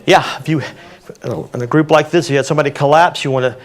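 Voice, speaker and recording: A man's voice: a little high, fairly even intonation, fast talker. A man answering audience questions on CPR in a community panel, practical and plain-spoken with frequent fillers.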